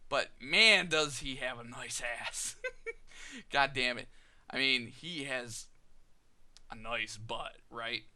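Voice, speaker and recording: On his vlog, a young man casually shares a personal story, candid and chatty, often laughing and playing both sides of remembered conversations. His mid-range voice has a sharp tone, and he speaks slowly with long pauses.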